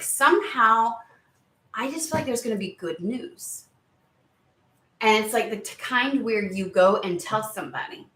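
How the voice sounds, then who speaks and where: Woman rambling through a tarot reading to camera, chatty, gets sidetracked, mid pitch, echoey room. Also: a bit bright. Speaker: tarot reader.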